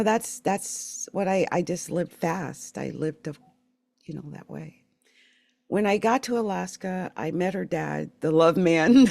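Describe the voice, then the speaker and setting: A middle-aged woman from the Philadelphia area telling her life story in a candid, emotional, rambling way, with halting restarts. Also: lowish voice, vocal fry, darkish tone, dry recording. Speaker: channel host sharing her life story. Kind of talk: personal storytelling monologue.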